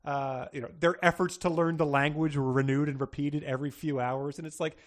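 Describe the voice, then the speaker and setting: A man co-hosting a podcast, hoarse from a cold, chatting casually in a rambling way with fillers and laughter. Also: a little high, fairly even intonation, fairly quick. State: hoarse, getting over a cold. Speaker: podcast co-host. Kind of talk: casual chat.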